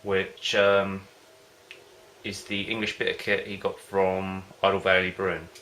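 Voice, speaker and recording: Talking a little slowly, a home-brewing vlogger chats to camera in a low, steady voice kept to a narrow band, bright and forward in tone. He rambles and hesitates, losing his thread, and a faint hiss or hum sits underneath.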